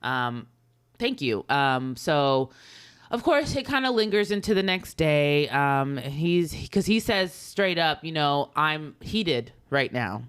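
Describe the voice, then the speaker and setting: A woman co-hosting a casual podcast, retelling a story in a loose, chatty way. She fills pauses with ums and slips into the voices of the people she quotes. Her voice is smooth and clear. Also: sits low, animated. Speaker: podcast co-host.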